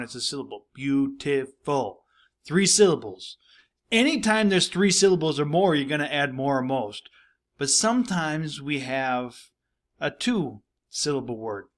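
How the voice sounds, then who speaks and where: A man's voice: on the high side, a bit bright. Chatty male teacher explaining grammar. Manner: casual and chatty, playful asides, acts out kids' voices. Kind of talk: recorded teaching video for third graders.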